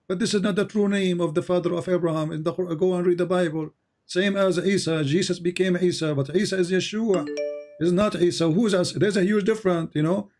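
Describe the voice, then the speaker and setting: A man with Arabic as his first language debates a caller, lecturing insistently and hammering his points again and again. His voice sits fairly high but sounds dark and mellow. His phrasing is halting, with frequent restarts. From Middle East. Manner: insistent, lecturing, repeats points with rising emphasis. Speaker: Christian apologist debating a caller. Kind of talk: heated debate on a call-in show.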